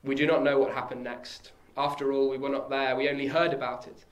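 A man giving a measured, solemn dramatic verse reading. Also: medium pitch, level tone. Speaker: reader. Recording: echoey room.

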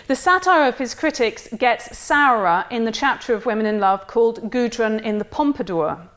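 A woman giving a literature lecture in a measured, wry way, reading quoted passages aloud. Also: on the high side, lively intonation, fairly bright tone.

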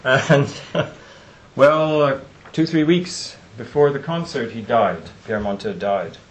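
An older man giving reflective closing remarks at a conference, and slowing down to stress lines of poetry. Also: mid-range voice. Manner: reflective, recites poetry with slow emphasis. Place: lecture room. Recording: roomy hall echo.

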